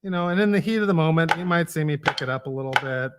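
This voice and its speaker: A man's voice: a little high, fast talker, heavy background noise. A man giving a casual drum lesson, explaining rudiments and counting off exercises as he plays. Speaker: drum instructor. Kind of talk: live online drum lesson. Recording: loud drumming and clicks behind.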